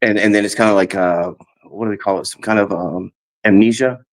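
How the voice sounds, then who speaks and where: A man's voice: lowish voice, steady tone, a little fast, low-quality recording. A man speaking as an interview guest, recounting his experiences hesitantly and searching for words.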